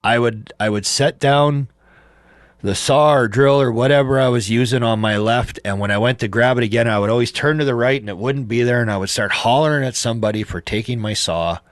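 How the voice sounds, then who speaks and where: A middle-aged man spins long, rambling stories for his viewers, swearing casually and chuckling at his own mishaps. His voice sits at an ordinary middle pitch. The recording is dry and close. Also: fairly quick, no room sound. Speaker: livestream host chatting with viewers. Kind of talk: casual storytelling. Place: at home.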